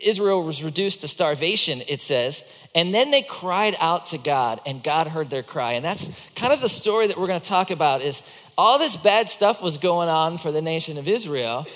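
A man's voice: on the high side, expressive, normal speed, a bit bright. A man teaching a children's group, acting out a Bible story with volunteers in a playful, coaching way. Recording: echoey hall.

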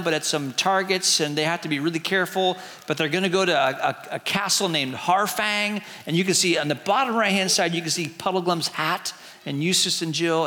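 Brief: lively storytelling teacher, man with a bright, ringing voice, echoey hall. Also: fairly high pitch. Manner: chatty, asks the audience questions. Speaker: teacher retelling a book. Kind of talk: storytelling to a group with slides.

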